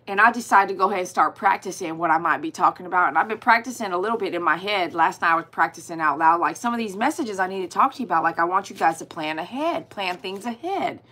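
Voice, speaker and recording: A woman's voice: lowish voice, animated, fast, few pauses, bright, forceful tone. A woman hosting a livestream, chatting casually and greeting viewers by name. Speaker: dog groomer hosting a livestream.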